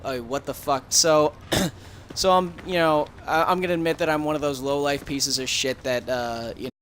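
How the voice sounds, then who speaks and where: A man's voice: medium pitch, a bit bright, slight background noise. A young man chatting casually while streaming a game, telling a rambling story with frequent laughs and swearing. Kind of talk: casual gaming chat.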